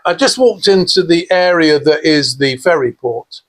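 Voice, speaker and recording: A man's voice: fairly high pitch, lively intonation, moderate pace. An older man from England, a podcast guest telling rambling anecdotes with many fillers and laughs. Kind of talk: casual storytelling.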